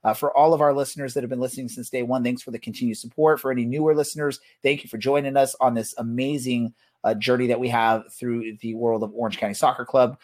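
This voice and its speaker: A man's voice: medium pitch, steady tone, fast talker, hardly any pauses, a little mellow. Rambling male podcast host. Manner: loose, rambling, filler-heavy delivery. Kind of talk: casual podcast chat.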